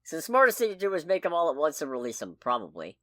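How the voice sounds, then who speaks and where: A woman's voice: deep voice, huge pitch swings, fast, a bit bright, dry recording, clean studio sound. A woman co-hosting a podcast in casual chat, rambling and correcting herself as she jokes along. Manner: rambling, self-correcting, jokey. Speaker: podcast co-host.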